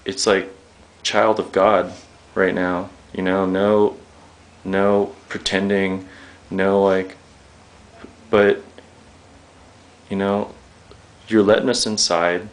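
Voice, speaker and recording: Casting note: young male interviewer, low voice, rambling, profane, emotional. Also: little pitch movement, slow pace, pauses often. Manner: swears a lot, rambling, jokey, emotional.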